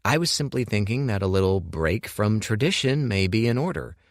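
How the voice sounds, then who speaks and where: A man's voice: lowish voice, animated, fairly quick, no echo, close to an everyday voice. A man voicing a wry young male apprentice who makes dry, skeptical remarks.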